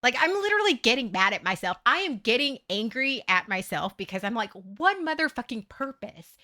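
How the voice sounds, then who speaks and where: A woman streamer chatting casually to her audience, candid and often profane as she talks. Her voice sits a little high and swings widely in pitch. The tone is bright and forceful. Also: animated, fairly quick. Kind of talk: casual livestream chat.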